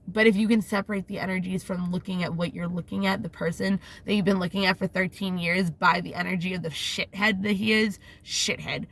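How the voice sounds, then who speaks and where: A woman's voice: fairly low pitch, fairly even intonation, a little fast, creaky, hardly any pauses, a bit bright. A woman talking straight to camera in a rambling, profane monologue, often losing her thread and laughing at herself. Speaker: vlogger.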